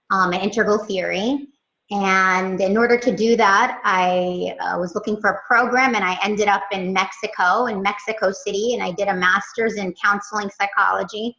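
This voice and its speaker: A woman's voice: mid-range voice, sharp tone, reverberant, highs cut off. An American woman introducing herself on a video call, hesitant, with many fillers. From United States. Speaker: course participant.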